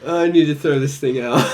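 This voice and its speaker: A man's voice: a little high, moderate pace, darkish tone. A man co-hosting a casual read-along podcast, joking and swearing freely while sick with covid. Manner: swears freely, jokey and self-mocking. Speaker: podcast co-host.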